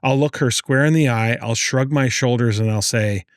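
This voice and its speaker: A man co-hosting a podcast, giving speaking advice in a casual, animated way, acting out little quotes as he goes. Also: mid-range voice, moderate pace, smooth, no echo, studio quality. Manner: animated storyteller, acts out quotes, lots of "like". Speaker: podcast co-host and education consultant.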